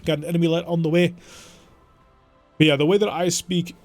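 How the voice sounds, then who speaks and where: Wry young male streamer, slightly high voice, chatty play-by-play with mock exasperation. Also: little pitch movement, a little fast, no echo, faint music behind. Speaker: gaming streamer. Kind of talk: let's play gameplay commentary.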